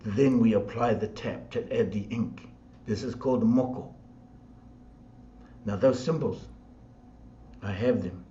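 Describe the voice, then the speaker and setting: Nz guy preaching slow and repetitive, low voice, roomy muffled sound. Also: dark tone, slight background noise. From New Zealand. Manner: slow, repetitive, chant-like phrasing. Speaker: spiritual teacher. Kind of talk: spiritual talk. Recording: dull sound in an echoey room.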